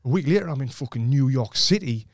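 Brief: male podcast guest, middle pitch, relaxed storyteller, stumbles and restarts, dry close mic. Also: quick pace, no echo. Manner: swearing, laughing, restarts his sentences often. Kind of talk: casual storytelling chat.

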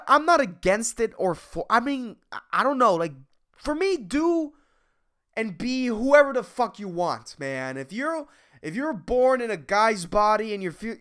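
In a high-pitched, smooth voice with a fairly bright tone, a man hosts his own podcast as a solo comic rant. He rambles and swears, growing exasperated and agitated, laughing at his own jokes and restarting sentences often.

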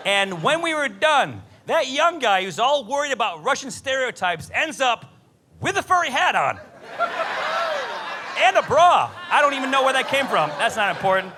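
A man doing a stand-up comedy set, telling a story with lots of swearing and animated delivery. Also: extremely high pitch, normal speed, slight background noise. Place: comedy club stage.

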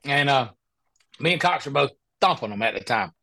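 A man's voice: medium pitch, fairly quick, vocal fry, no echo. A man, a professional golfer telling casual stories as a podcast guest and acting out the people in them. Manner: animated storyteller, voices other people in his anecdotes. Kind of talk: casual storytelling.

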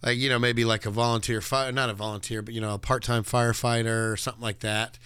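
A man's voice: mid-range voice, flat delivery, fast talker, a bit bright, clear, resonant tone, no echo. A man co-hosting a movie podcast, chatting casually and animatedly, laughing and acting out quotes. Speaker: podcast co-host.

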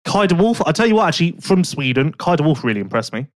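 A man's voice: a little high, very animated, quick pace, dry recording, studio quality. A young man co-hosting a casual podcast, rambling and correcting himself. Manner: rambling, self-correcting, chatty. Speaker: podcast co-host.

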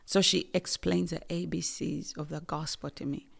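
A woman from Uganda giving an earnest personal testimony as a guest, emphatic and dropping to soft near-whispers at intense moments. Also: sits low, steady tone, normal speed, creaky.

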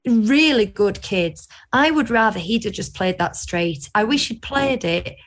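Woman co-host, casual review chat, animated and opinionated. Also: mid-range voice, unhurried. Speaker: podcast co-host.

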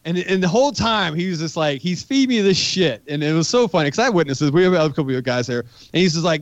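Dull-sounding veteran telling war stories. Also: male voice, on the high side, fast talker, hardly any pauses, dry recording. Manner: profane, animated storyteller. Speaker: podcast guest, magazine editor. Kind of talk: casual war storytelling.

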